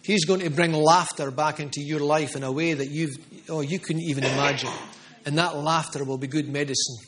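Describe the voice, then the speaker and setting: Fervent male preacher, high voice. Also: steady tone, brisk, crowd noise. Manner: fervent, emphatic, repeats phrases for stress. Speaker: pastor. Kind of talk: charismatic sermon with prophetic words.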